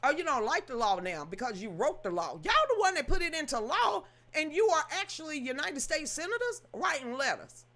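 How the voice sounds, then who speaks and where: Woman, political commentary host, mocking and exasperated, lively bright-ish voice. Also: high voice, brisk, hardly any pauses. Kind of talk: casual political rant.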